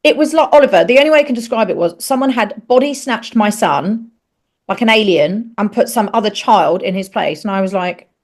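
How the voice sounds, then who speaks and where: A middle-aged woman talks openly as a podcast guest, her voice sitting at an ordinary middle pitch. She tells the story frankly and swears freely. When she plays out each exchange, she jumps up into animated, higher voices. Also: fairly quick. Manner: animated, acts out the dialogue in raised voices. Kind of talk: candid personal storytelling.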